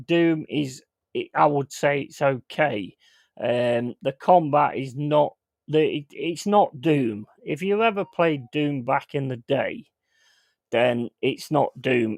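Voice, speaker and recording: A man's voice: mid-range voice, gravelly, darkish tone, no echo. Male streamer, blunt and sweary, casual rant, dry close sound. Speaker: streamer host. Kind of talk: casual livestream chat. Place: home.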